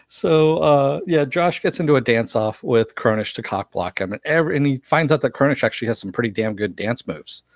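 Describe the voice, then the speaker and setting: A man's voice: mid-range voice, expressive, fairly quick, no echo. A man giving a casual live recap of a TV episode, chatty and often laughing as he retells scenes. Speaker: show reviewer.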